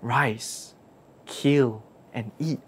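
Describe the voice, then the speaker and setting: A storyteller voicing God as a slow, hushed, solemn commanding voice. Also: mid-range voice, steady tone, slightly rough, voice pushed down.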